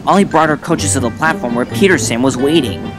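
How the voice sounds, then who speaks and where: A man narrating a children's storybook in an even storytelling manner. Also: mid-range voice, fairly quick. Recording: narration with music bed.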